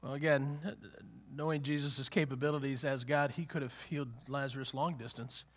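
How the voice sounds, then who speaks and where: A man's voice: medium pitch, steady tone, moderate pace. A man preaching a sermon in a conversational way, often restarting phrases and acting out the words of the people in his story. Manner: conversational, repeats and restarts, acts out quotes.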